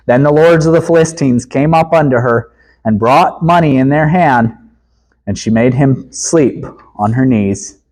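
A man preaching a sermon, retelling a scripture story with animated swings between emphatic high calls and quiet low asides. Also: measured pace, low-quality recording.

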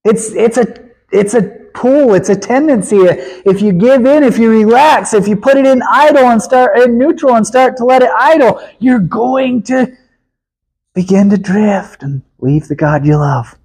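Brief: male preacher, high-pitched, husky, emphatic, dropping to hushed tones. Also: expressive, unhurried. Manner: emphatic, swings from loud to hushed, chuckles. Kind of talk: sermon.

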